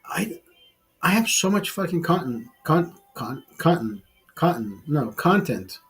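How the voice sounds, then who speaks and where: Casting: man, slightly higher voice, loose profane livestream host riffing on whatever comes up. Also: very animated, a little slow, faint music behind. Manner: profane, rambling, laughs at his own jokes. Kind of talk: casual livestream chat. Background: bar setting.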